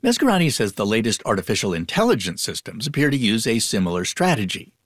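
A man reporting a radio news story in a measured broadcast delivery. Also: on the low side, sing-song, fairly bright tone, no room sound, clean studio sound.

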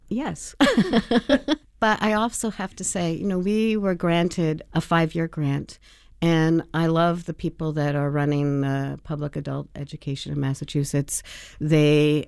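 A woman, executive director of a language school, answering questions in a radio interview, speaking warmly with many fillers and pauses. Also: low voice, steady tone, creaky, clear, resonant tone, no room sound, clean studio sound. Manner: warm, hesitant with many fillers.

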